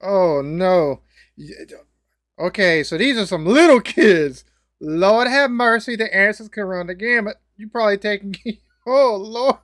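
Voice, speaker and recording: A man's voice: high-pitched, expressive, measured pace, a bit bright, dry recording, soft background music. American guy doing a reaction vid, folksy and rambly, laughs a lot, dry close sound. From United States. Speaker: reaction video host. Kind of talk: casual reaction commentary.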